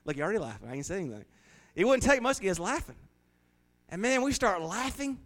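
A man's voice: high voice, sing-song, fast, fairly bright tone. A man preaching a folksy, joking sermon in a small church, laughing often. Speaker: pastor.

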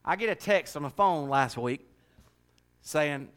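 A man's voice: a little high, lively intonation, a little slow, fairly bright tone, clean tone. A man preaching and making church announcements in a folksy, joking, chatty way. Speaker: pastor.

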